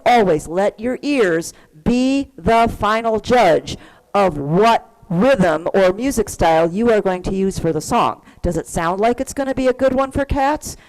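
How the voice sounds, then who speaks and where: A woman teaching an online keyboard class, patiently explaining rhythm and counting beats aloud. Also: mid-range voice. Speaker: music teacher. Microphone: computer mic on a video call.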